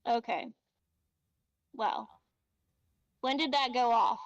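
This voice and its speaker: A woman chatting on a reading stream, self-conscious and halting, often restarting her sentences. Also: fairly high pitch, animated, lo-fi sound. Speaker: guest reader. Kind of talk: casual reading stream chat.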